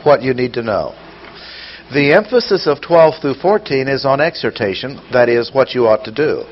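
A man's voice: medium pitch, lively intonation, normal speed. A man teaching scripture verse by verse, reading passages aloud, then explaining them and asking rhetorical questions. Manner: poses rhetorical questions to listeners. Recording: dull lo-fi sound with faint noise.

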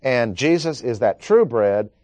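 A man's voice: medium pitch, expressive, measured pace, a little mellow, no echo. A man preaching an expository Bible lesson, working through numbered points and reading scripture aloud.

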